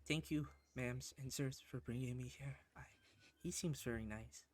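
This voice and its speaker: A man voicing a shy young creature who speaks softly and hesitantly, with polite words. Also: mid-range voice, moderate pace, dry recording, close to an everyday voice. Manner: soft, hesitant, quiet.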